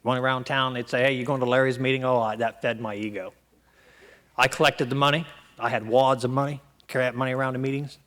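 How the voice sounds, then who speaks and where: A man's voice: medium pitch, fairly quick. Man from Ohio telling his story. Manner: animated, acts out dialogue in voices. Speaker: recovery meeting speaker. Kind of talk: storytelling talk to an audience.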